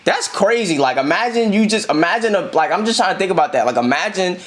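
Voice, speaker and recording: A man from New York hosts a reaction video, breaking in with excited, slangy, profane remarks. His voice is high for a man and very lively in pitch. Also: quick pace. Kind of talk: casual reaction commentary.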